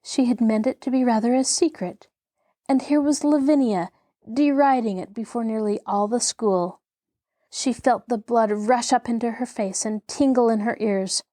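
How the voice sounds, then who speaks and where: A woman narrating a classic novel as an audiobook host, in a measured, expressive way. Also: a little high, no echo, studio quality.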